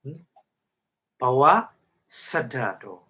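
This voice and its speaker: Slow-speaking man explaining Pali terms. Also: medium pitch, sing-song, bright, forceful tone. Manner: halting non-native English, chuckles often, checks understanding. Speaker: meditation teacher. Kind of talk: Dhamma talk explaining Pali words.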